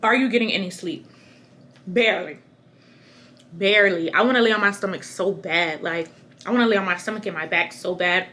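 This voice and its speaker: A pregnant young adult woman vlogs candidly to camera, chatty and rambling and often repeating herself. Her mid-range voice is fast, bright and forceful.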